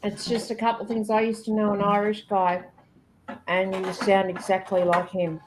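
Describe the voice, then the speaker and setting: A woman's voice: mid-range voice, completely flat delivery, normal speed, background noise. A woman co-hosting a livestream, chatting in a curious, easygoing way. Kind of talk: casual chat on a livestream.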